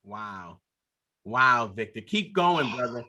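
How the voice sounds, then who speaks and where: A man's voice: medium pitch, lively intonation, slow pace. A man hosting a video call, enthusiastically thanking his guest and calling on participants to speak. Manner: enthusiastic, warm-hearted praise, calls on speakers. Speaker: host.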